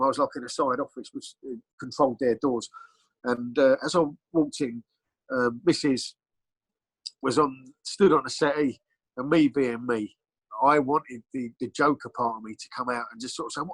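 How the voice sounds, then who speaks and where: A man's voice: mid-range voice, fairly bright tone, breathy edge, no room sound, rough recording. A middle-aged Englishman, telling rambling, blunt stories as a podcast guest, full of ums and restarts. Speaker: podcast guest, former bodyguard. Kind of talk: casual storytelling interview.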